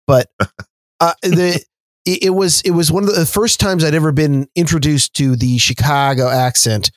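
A man's voice: on the high side, steady tone, normal speed, dry recording. A man co-hosting a podcast, chatting casually and telling a story with many restarts and laughs.

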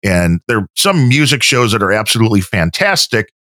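A man co-hosting a podcast, telling stories in a measured casual chat. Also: on the low side, big pitch swings, pushed and bright, no room sound, studio quality. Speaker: podcast co-host.

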